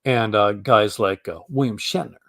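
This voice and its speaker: A Canadian man with a slightly low-pitched voice hosts a loose, casual chat. He rambles along, stumbling over his words and restarting his sentences often. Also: moderate pace, vocal fry, a bit bright, no room sound, clean studio sound. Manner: rambling, stammering, with frequent restarts and laughs. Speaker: host.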